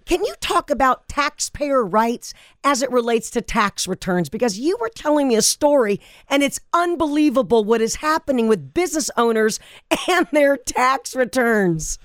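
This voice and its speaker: A woman's voice: sits high, lively intonation, moderate pace, no echo, clean studio sound. A woman hosting a radio talk show, asking her guest questions in an upbeat, emphatic way.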